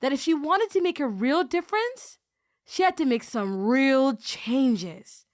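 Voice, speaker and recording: Higher-voiced woman narrating a story. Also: expressive, unhurried, no room sound, clean studio sound. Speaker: podcast host narrating. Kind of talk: scripted narration.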